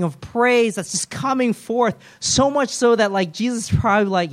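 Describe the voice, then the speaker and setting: A man preaching a sermon in a casual, animated way, acting out prayers and quotes in shifting voices with humorous asides. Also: very high voice, normal speed, few pauses.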